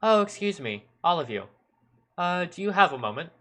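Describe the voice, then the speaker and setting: A man's voice: high voice, very animated, moderate pace, fairly bright tone, pitched above the performer's own voice. A man voicing a sly middle-aged police detective who speaks with smarmy, overly polite chuckling.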